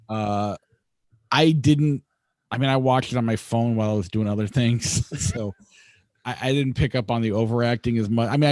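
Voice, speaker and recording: A man's voice: medium pitch, a little mellow, no room sound. A man co-hosting a movie review podcast, talking casually in a laid-back way with some hesitation. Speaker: podcast co-host, movie critic.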